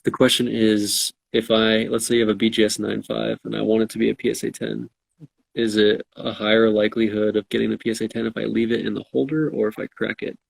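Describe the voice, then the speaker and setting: A man's voice: fairly low pitch, level tone, fast talker, gravelly, husky, dry recording, poor audio. A man co-hosting a casual live-stream chat, answering viewer questions in a laid-back, self-deprecating way.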